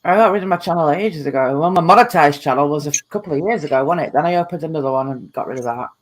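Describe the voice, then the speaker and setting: A woman's voice: low-pitched, racing, slight background noise. A woman guesting on a live stream, teasing and laughing easily in casual banter over a video call. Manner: giggly, teasing.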